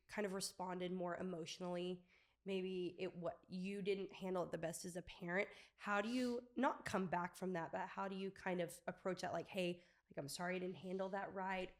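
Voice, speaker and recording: A woman's voice: lowish voice, fairly even intonation, moderate pace. A young woman co-hosting a parenting podcast, asking questions casually with hesitant phrasing. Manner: casual, searching, with fillers and restarts. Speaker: podcast co-host.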